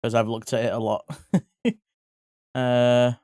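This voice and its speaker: A livestreamer chatting casually with viewers while drawing, swearing freely and breaking into excited yelps. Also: mid-range voice, slow, no room sound, clean studio sound.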